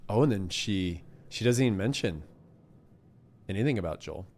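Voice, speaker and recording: A man's voice: fairly low pitch, animated, normal speed, long pauses, darkish tone. A man streaming a game live, chatting casually and cheerfully thanking donors, a bit congested. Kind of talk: casual live gameplay commentary.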